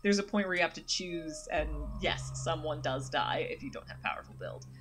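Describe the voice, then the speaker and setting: A woman's voice: sits low, moderate pace, background noise. A woman streamer talking casually and ramblingly about a game she is playing. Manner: rambling, full of fillers.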